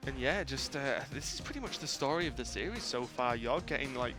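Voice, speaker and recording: A man's voice: mid-range voice, expressive. Chatty male esports caster over music. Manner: quick, chatty play-by-play with many fillers. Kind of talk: live esports commentary. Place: tournament venue.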